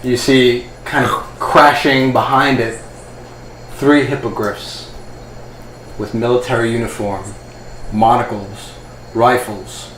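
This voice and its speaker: A man of middle pitch runs a tabletop game, describing scenes in a steady, unhurried storytelling manner. His voice comes through an echoey room with faint ambient noise behind it. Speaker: game master.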